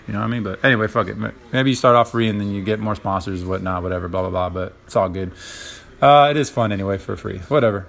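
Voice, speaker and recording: A man's voice: lowish voice, gravelly, fairly bright tone. Rambling, profane young man. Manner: rambling, profane, many fillers. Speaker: podcast host. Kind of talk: casual solo podcast monologue.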